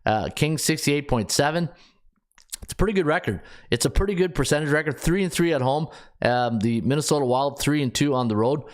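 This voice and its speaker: On his sports betting podcast, this man thinks aloud as he looks up stats, frequently restarting and leaning on filler words. His fairly high voice is animated and fairly quick in this casual solo analysis.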